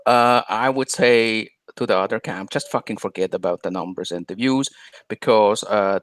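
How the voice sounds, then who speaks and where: A man's voice: on the low side, no room sound. A man co-hosting a live stream, talking in long rambling questions full of fillers. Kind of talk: casual live stream chat.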